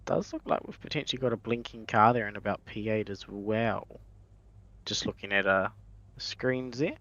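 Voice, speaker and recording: A man commentating a sim race live, chatty and quick with frequent restarts, his voice going hoarse. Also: lowish voice, a bit bright, no room sound, lo-fi sound. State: losing his voice. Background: race car engine noise.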